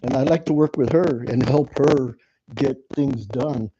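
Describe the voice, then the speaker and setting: A man from South Texas addresses a city council meeting as an applicant, speaking earnestly and with feeling in a mid-range, slightly slow voice that's dark with a breathy edge. His impassioned public remarks come through on a muffled recording with background noise.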